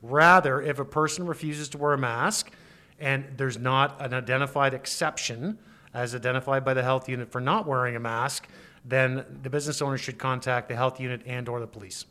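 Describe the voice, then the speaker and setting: Lawyer guy explaining stuff, clear bright voice, careful and formal. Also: mid-range voice, steady tone. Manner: measured, precise, formal. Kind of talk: expert interview.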